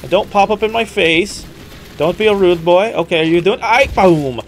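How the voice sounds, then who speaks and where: A man chatting his way through a video game, talking back to the screen and muttering as he plays. His voice sits a little high for a man, and he hams up a put-on country accent for fun. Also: normal speed, noisy background. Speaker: gaming streamer. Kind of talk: casual let's-play commentary.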